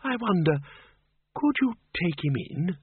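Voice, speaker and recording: A man voicing a tired, polite old male zombie wizard who speaks slowly and apologetically in a storybook reading, on a thin, tinny recording. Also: sits high, very animated, breathy edge, dry recording, voice pushed up, full character voice. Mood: weary. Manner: slow, drawn-out, apologetic.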